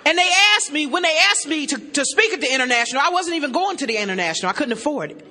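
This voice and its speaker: Bright, high-voiced woman telling her story in a large hall. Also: sing-song, very fast. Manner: folksy, self-mocking storyteller who addresses the crowd directly. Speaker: recovery meeting speaker. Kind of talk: humorous personal testimony to a crowd. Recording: long reverb of a large hall.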